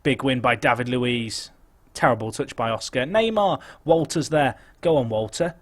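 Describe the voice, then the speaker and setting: A young man giving chatty live commentary on a football management game, nervous and excitable, muttering and then shouting. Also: medium pitch, moderate pace. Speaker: game streamer.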